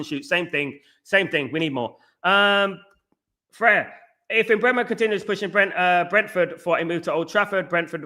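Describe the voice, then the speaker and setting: A young man from England chats casually to his livestream viewers. His voice sits a little high and sounds bright and forceful. He rambles, repeats phrases and keeps dropping in shout-outs. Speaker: host of a fan livestream. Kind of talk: casual livestream chat, reading viewer comments.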